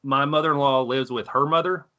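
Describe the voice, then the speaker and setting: A man's voice: medium pitch, steady tone, fairly quick, bright, forceful tone, highs cut off. A man in his thirties with a Texan accent, telling profane stories in casual chat, laughing often. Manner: profane, laughing, acts out quoted voices. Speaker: podcast guest.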